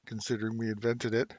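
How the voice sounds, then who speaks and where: A man's voice: lowish voice, a little mellow, no echo, highs cut off. A man in his fifties, originally from England, hosting a casual trading livestream, chatting with viewers by name and laughing often while reading charts. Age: 50s. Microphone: desk mic, moved close.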